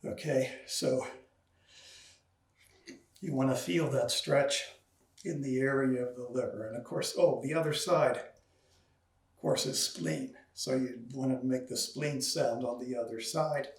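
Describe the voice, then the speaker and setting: A man's voice: medium pitch, a little slow, long pauses. A man teaching a qigong class, talking students through movements, counting breaths aloud with long exhaled sounds, and a little out of breath. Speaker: qigong instructor. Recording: very echoey room, voice far from mic.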